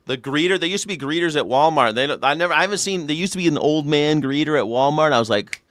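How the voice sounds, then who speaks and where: A man's voice: fairly high pitch, quick pace, few pauses, a bit bright, no echo, clean studio sound. A man hosting a news reaction show, rambling and joking with profanity and silly voices. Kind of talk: casual comedic commentary.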